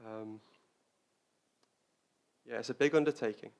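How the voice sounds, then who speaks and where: A man's voice: medium pitch, a little slow, gravelly, darkish tone. A man giving a Dharma talk as a Buddhist teacher, speaking reflectively and often repeating words as he searches for them.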